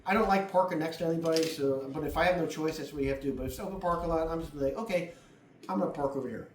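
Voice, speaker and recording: A man's voice: a little high, very fast, slight background noise. A middle-aged man giving casual driving advice, blunt and full of swearing as he walks through a demonstration. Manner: blunt and profane, acts out other drivers. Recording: echoey room from a distance.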